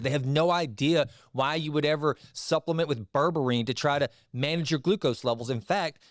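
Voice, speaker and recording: Podcast host, middle-aged man, conversational and digressive, fairly high voice, dry close sound. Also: no echo. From Texas. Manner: conversational, digressive, chatty asides. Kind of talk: casual monologue reading and commenting on an article.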